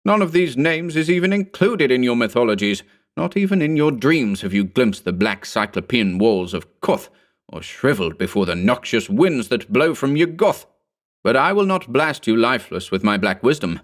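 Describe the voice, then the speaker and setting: A man voicing an ageless male sorcerer who rants scornfully in a high, archaic, cackling voice. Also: big pitch swings, normal speed, lightly acted. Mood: raving scornful. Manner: ranting, contemptuous.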